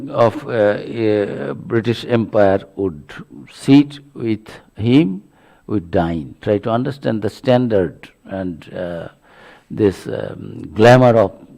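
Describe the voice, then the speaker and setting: A man gives a religious lecture in a low voice with a gravelly grain. His tone is dark and mellow. He tells stories haltingly with frequent fillers and sometimes acts out the people he quotes. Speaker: monk lecturer.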